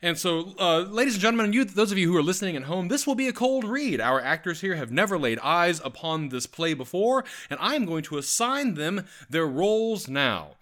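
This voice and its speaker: A joking host who reads out stage directions. His voice is a little high and bright, and his delivery moves around a lot. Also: a little fast, hardly any pauses. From Atlanta, Georgia. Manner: lively and joking. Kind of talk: casual radio chat, reading stage directions.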